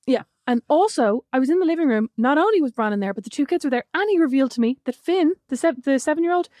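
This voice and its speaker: A woman's voice: high-pitched, expressive, quick pace, darkish tone, no room sound, studio quality. A woman co-hosting a podcast, telling stories in casual chat, laughing often and swearing casually. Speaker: podcast co-host.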